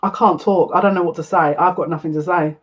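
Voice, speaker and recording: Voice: mid-range voice, fast, slightly rough. Tarot reader, all emotional and breathless, keeps restarting, kinda muffled lo-fi sound. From United Kingdom. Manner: overwhelmed and emotional, breathless excitement, rambling restarts. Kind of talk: collective tarot reading. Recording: slightly muffled lo-fi audio.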